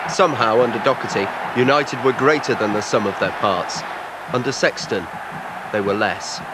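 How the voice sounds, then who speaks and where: A man giving measured, wry scripted narration for a documentary. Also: medium pitch, a loud crowd. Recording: noticeable background noise.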